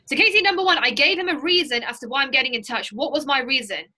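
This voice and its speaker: A woman with a high, bright, forceful voice leads a lively sales training for a group. She speaks fast, in an animated and direct style, and teaches by telling stories.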